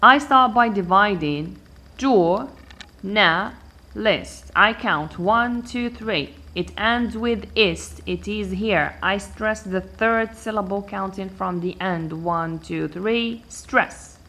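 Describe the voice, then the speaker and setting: A woman teaching an English pronunciation lesson, counting syllables aloud slowly and deliberately. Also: mid-range voice, pushed and bright. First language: Arabic.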